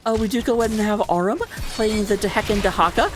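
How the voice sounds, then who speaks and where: A woman's voice: medium pitch, steady tone, fast talker, noisy background. A woman casting a recorded esports match on her own, chatty and self-deprecating, with frequent asides and apologies while she recovers from surgery. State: recovering from surgery, sitting low in her seat. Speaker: esports caster. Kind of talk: solo game commentary mixed with personal chat.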